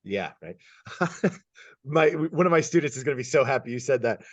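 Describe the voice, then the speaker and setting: Excitable guy hosting a quick q&a, lots of laughing and repeating himself, kinda dry muffled sound. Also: medium pitch, no echo. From Kansas City, United States. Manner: upbeat, laughs often, stammers and repeats words. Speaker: host and geometry teacher. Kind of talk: lightning-round interview questions. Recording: dull, slightly muffled sound.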